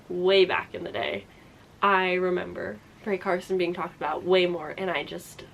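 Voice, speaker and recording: A woman's voice: medium pitch, a little hiss or hum. A young adult woman chatting casually to camera as a book vlogger, rambling, restarting and laughing as she goes. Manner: chatty, self-interrupting, frequent laughs.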